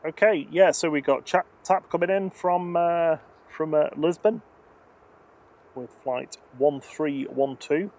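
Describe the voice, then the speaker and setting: A man with a slightly high, somewhat mellow voice talks slowly while hosting casual live plane-spotting commentary. He reads flight numbers and registrations matter-of-factly, chats, and reads viewer comments aloud.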